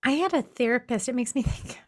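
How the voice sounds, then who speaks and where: A woman with a fairly high voice co-hosts a podcast, drifting through reflective stories in an easy, casual way. She laughs often as she talks things over. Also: fairly quick, darkish tone. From Pacific Northwest of the US. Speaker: podcast co-host. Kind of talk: casual conversation.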